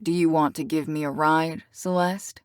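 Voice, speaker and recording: A woman's voice: low-pitched, fairly even intonation, moderate pace, no room sound, studio quality, close to an everyday voice. A woman voicing a cocky teasing bad boy. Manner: teasing, smooth, full of innuendo. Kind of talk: audiobook character reading.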